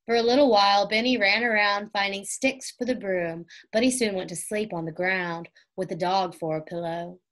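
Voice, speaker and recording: A woman reading a classic children's chapter book aloud in a gentle, unhurried storytelling manner. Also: medium pitch, steady tone. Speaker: audiobook reader.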